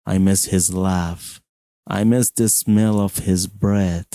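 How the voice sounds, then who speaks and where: Very slow American man narrating a story. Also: low-pitched, fairly even intonation, dark tone, no echo. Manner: very slow, clear and simple phrasing.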